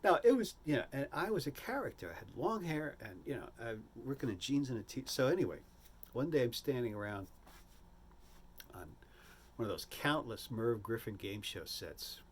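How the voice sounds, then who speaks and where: An older man telling a humorous personal story in a rambling, animated way, full of asides and restarts. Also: medium pitch, normal speed, a little hiss or hum.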